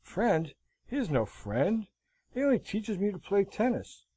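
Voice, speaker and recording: A man voicing an earnest, hot-tempered young gentleman in an audiobook, protesting indignantly. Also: high-pitched, sing-song, unhurried, husky, voice pushed up, heavily acted, rough recording.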